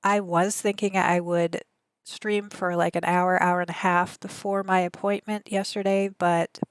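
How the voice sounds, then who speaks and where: A woman's voice: on the low side, little pitch movement, measured pace, smooth, no echo. A woman in her thirties with a Midwestern American accent, chatting casually with her live stream audience. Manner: chatty, rambling, reads chat aloud. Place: home gaming desk.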